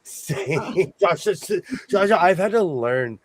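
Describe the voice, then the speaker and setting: A man hosting a sewing show, chatting casually with playful, animated storytelling. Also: high-pitched, takes it slowly. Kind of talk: casual livestream chat.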